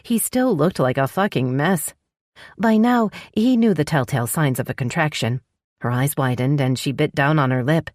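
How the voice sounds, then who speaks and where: A woman narrating a romance audiobook with a steady storytelling delivery. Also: sits low, moderate pace, dry recording, studio quality.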